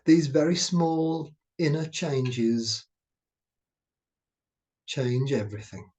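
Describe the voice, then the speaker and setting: A man guiding a meditation, speaking in a slow, gentle, soothing way. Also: a little high. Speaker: meditation teacher. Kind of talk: guided meditation talk.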